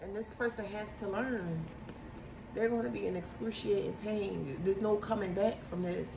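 A woman giving a psychic tarot reading, halting and emotional, repeating herself as she talks. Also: mid-range voice, vocal fry. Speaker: tarot reader. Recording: echoey room with background noise.

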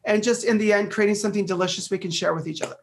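A middle-aged man chatting as an interview guest, animated and storytelling, often repeating phrases, heard over a video call. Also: high voice, racing, creaky. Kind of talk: casual interview chat.

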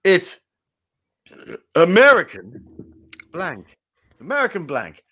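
A man's voice: high voice, huge pitch swings, slow, bright, forceful tone, husky, exaggerated voice. A man playing a jovial, rambling game-show host who is dead and in heaven, hosting a comic improvised quiz. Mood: chummy. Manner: chummy, rambling, self-mocking banter.

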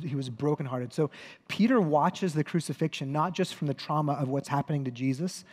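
A man's voice: mid-range voice, mellow. A man preaching a sermon as pastor, telling a story conversationally with self-corrections and wry humor. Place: church hall. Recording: long hall reverb.

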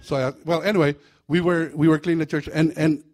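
A man preaching a sermon in a church, animated and humorous, breaking into acted-out voices. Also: fairly high pitch, fast talker. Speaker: pastor.

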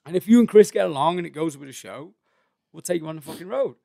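An English comedian telling stories in casual chat, animated and swearing often. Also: male voice, on the high side, fast talker, creaky, no echo, clean studio sound. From England. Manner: animated, laughing, swears a lot. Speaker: comedian guest.

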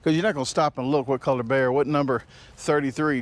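A man's voice: mid-range voice, fairly even intonation, fast talker, hardly any pauses. Rambling, joking male vlogger outdoors. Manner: rambling, joking, lots of fillers. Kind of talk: casual outdoor vlog. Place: outdoors in the woods. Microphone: action camera.

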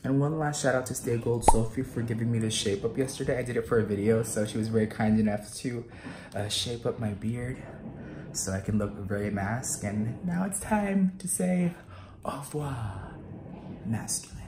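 A man talking casually to the camera for his vlog, chatty and bursting into excited outbursts now and then. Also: lowish voice, a little fast. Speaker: vlogger. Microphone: lapel mic. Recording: noisy background ambience.

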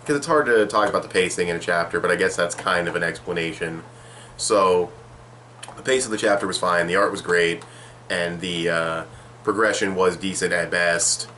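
A man's voice: sits low, moderate pace, sharp tone, a little hiss or hum. A young man giving a rambling, sarcastic manga chapter review, swearing casually.

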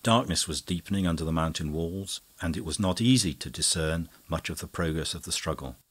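A man narrating a classic mystery audiobook in a measured, low-key manner. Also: fairly bright tone, slightly rough. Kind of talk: scripted narration.

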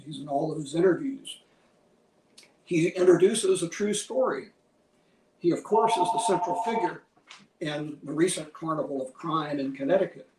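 A man's voice: a little high, a little mellow, recorded from a distance. Scholarly man lecturing in a roomy hall. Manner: measured, scholarly, lists many quotations. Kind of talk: museum lecture.

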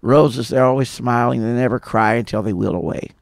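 A man talking in a casual, rambling monologue, telling stories with many restarts and growing louder when aggrieved. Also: medium pitch, a little fast, vocal fry. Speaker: podcast subject telling stories.

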